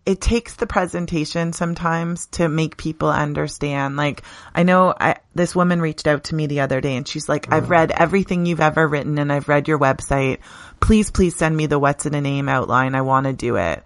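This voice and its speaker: A middle-aged woman, a teacher talking earnestly and warmly about her work in an interview, laughing often. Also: low-pitched, a little fast, dry recording. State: briefly tearful. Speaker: teacher, podcast guest. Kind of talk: conversational interview.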